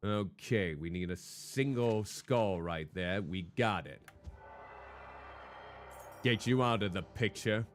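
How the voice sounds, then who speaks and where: A man streaming a game, talking in a put-on hardboiled noir private-eye voice and chatting with his viewers. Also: fairly low pitch. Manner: chatty, greets viewers by name. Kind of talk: live game-stream commentary. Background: faint background music.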